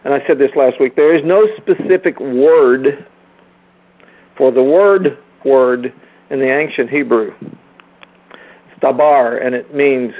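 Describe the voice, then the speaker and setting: Earnest man teaching over a phone line. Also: mid-range voice. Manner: earnest, emphatic, repeats key phrases. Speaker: teacher on a group phone call. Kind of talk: informal teaching talk.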